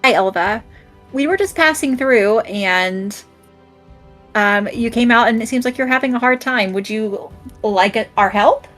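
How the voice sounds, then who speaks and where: A woman playing a tabletop game, speaking calmly and soothingly in character. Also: a little high, a little slow, faint music behind. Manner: calm, soothing, gentle. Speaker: player.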